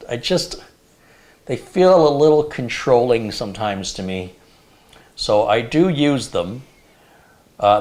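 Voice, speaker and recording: A man from the United States with a fairly low voice hosts a relaxed live stream. He drifts from one anecdote to the next in easy, unhurried chat. He reads viewer messages in the same loose, conversational way. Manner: rambling anecdotal storyteller. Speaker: host of a live tech stream.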